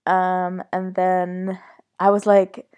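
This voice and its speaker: A woman's voice: lowish voice, monotone, very slow, darkish tone, smooth, dull audio. A young woman telling a rambling personal story in casual chat, swearing freely and filling gaps with "um" and "like". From Canada. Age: young adult. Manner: rambling, swearing, frequent fillers. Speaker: podcast host.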